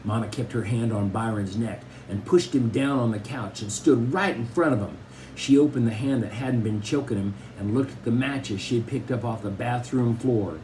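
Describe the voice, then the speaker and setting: A man's voice: medium pitch, normal speed, a little hiss or hum. A man reading a children's novel aloud, telling it expressively in the first person. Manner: expressive storytelling, first-person boy narrator. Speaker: audiobook reader.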